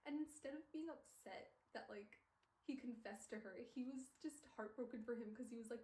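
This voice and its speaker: A woman's voice: a little high, a little fast, warm tone, roomy sound, poor audio. A woman streamer recapping a book in casual chat, gushing and emotional, peppering her talk with "like", recorded on a phone. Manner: gushing, emotional, filler-heavy with "like". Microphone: phone camera.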